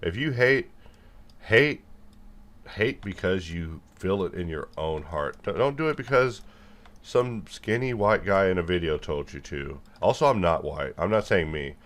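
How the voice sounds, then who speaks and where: Young guy with a low voice ranting and joking at the camera, all over the place. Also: measured pace. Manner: animated, jumps between jokes and rants, talks to viewers directly. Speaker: software developer and video creator. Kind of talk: rambling stream-of-consciousness monologue.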